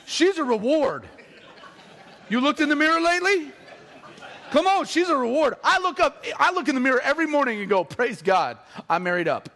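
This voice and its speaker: A middle-aged man preaching a sermon, animated and joking with the congregation. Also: very high voice, fairly quick, long pauses. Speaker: pastor.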